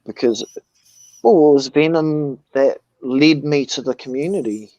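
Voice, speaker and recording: A man's voice: a little high, a little slow, a little mellow, no room sound, muffled recording. A man rambling through a funny story in casual chat, swearing as he goes.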